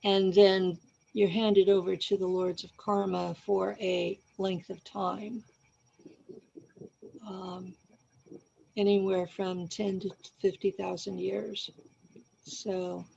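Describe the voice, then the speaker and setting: Slow, gravelly, flat-voiced woman host. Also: mid-range voice, slight background noise. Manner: calm, explanatory, with soft affirming murmurs. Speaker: podcast host. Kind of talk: casual interview talk. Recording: slightly dull lo-fi sound.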